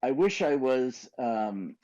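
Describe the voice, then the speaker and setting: A man's voice: medium pitch, animated, slow, mellow, dull audio. A man chatting casually as a player in a tabletop game, rambling with restarts and laughing often.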